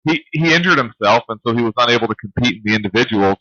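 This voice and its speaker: A man's voice: medium pitch, lively intonation, very fast, pushed and bright, no room sound, dull audio. A man co-hosting a late-night radio talk show, chatting and teasing his partner in casual banter.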